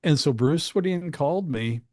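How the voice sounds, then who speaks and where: A man's voice: a little high, animated, normal speed, darkish tone, dry recording. A man being interviewed as a guest, telling stories about studio work in a casual, chatty way, with frequent restarts and asides. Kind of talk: casual anecdotal storytelling.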